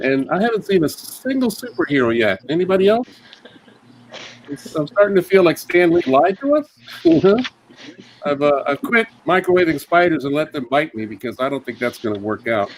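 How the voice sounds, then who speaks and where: Halting, high-voiced comedian man. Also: big pitch swings, a little hiss or hum, rough recording. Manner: halting delivery with many fillers, jumps to high put-on voices for bits. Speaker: stand-up comedian. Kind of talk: casual comedy set at a round table.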